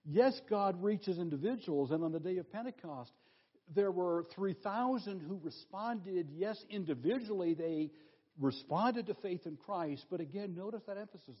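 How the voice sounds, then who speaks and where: A man preaching a sermon as pastor, emphatic, asking rhetorical questions and slowing down on key phrases. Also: sits high, animated, breathy edge, muffled recording.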